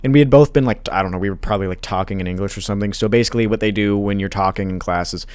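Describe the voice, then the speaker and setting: A man's voice: lowish voice, very fast, a little mellow, smooth, no echo. A young man co-hosting a podcast, telling a school story in a rambling, laid-back, profane way. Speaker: podcast co-host. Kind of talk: casual storytelling chat.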